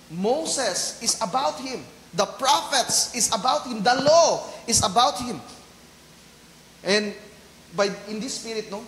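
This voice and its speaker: A Filipino man preaching a sermon as pastor, mixing English and Tagalog, asking the congregation questions and slowing down to stress key words. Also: high-pitched, fairly bright tone. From Philippines. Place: church hall. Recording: echoey church hall reverb.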